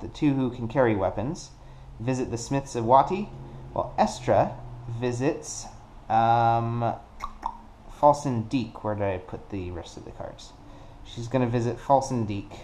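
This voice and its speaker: A man casually narrating a solo card game play-through, working things out deliberately and counting dice aloud. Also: medium pitch, warm tone, a little hiss or hum. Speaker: board game player.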